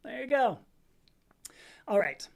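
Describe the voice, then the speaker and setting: A woman's voice: on the high side, big pitch swings, slow, gravelly. A middle-aged American woman hosting a casual livestream, answering chat comments in a rambling way, often correcting herself. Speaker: livestream host reading chat.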